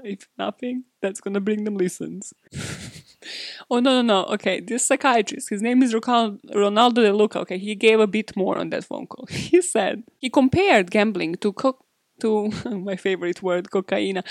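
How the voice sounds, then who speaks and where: A woman at a mid pitch hosts a comedic true-crime podcast, mixing the story with sarcastic asides and bursts of laughter. Her voice sits dry and close, with no room around it. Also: no room sound. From Serbia. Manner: sarcastic, laughing often, swearing, animated asides. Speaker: podcast host.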